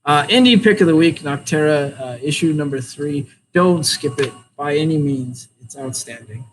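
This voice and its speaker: Casual American man reviewing comics, high voice, rambling and blunt, faint background hum. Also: normal speed, poor audio. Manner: opinionated, rambling, laughs often.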